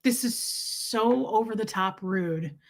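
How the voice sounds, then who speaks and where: A woman in her forties hosting a live stream, telling stories in an animated, exasperated, chatty way. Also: mid-range voice, slow pace. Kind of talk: casual live stream storytelling.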